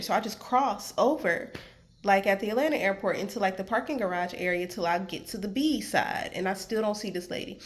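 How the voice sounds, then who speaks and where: Animated woman telling a travel story. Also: mid-range voice. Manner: animated retelling, acts out quoted exchanges. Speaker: travel vlogger. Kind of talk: casual storytelling.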